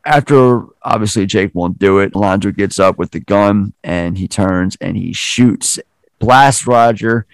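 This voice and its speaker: Man, casual film podcast host, animated retelling, gravelly, dry close sound. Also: on the low side, a little slow, no echo. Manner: animated retelling, acting out lines.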